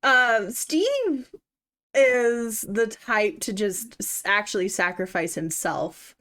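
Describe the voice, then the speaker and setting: A woman co-hosting a casual chat about a horror game, relaxed, laughing along and reading out chat. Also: mid-range voice, takes it slowly. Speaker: co-host.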